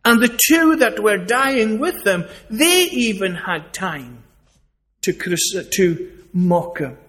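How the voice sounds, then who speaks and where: A man's voice: sits high, sing-song, takes it slowly, pushed and bright. A man preaching a sermon, earnest and emphatic, asking rhetorical questions.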